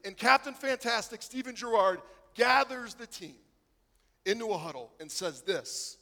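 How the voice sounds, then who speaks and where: A man preaching a sermon, telling a story that swings from hushed to excited. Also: very high-pitched, moderate pace, long reverb tail. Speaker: pastor.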